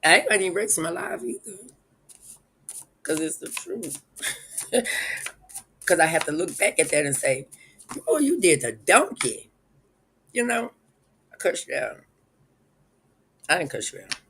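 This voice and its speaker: A man's voice: on the high side, sing-song, measured pace, vocal fry, long pauses, bright, forceful tone, slight background noise, rough recording. A man hosting a casual live stream, rambling and chuckling as he talks straight to his viewers.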